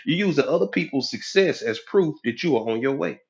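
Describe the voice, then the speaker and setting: Animated man coaching motivationally. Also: fairly high pitch, brisk, lo-fi sound. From United States. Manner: preachy, animated, acts out quoted voices. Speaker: hypnotherapist and life coach. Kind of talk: motivational talk.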